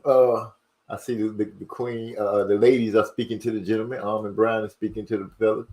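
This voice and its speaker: A man hosting a casual livestream, reading viewer comments aloud and rushing and stumbling over his words. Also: on the low side, level tone, darkish tone. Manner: fast-talking, rushes and stumbles over words. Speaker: livestream host.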